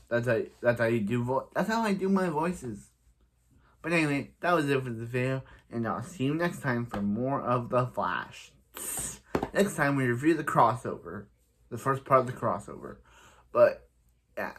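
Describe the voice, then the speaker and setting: A man's voice: medium pitch, lively intonation, moderate pace, a bit bright. A man casually recapping a TV episode for his review channel, rambling with frequent restarts.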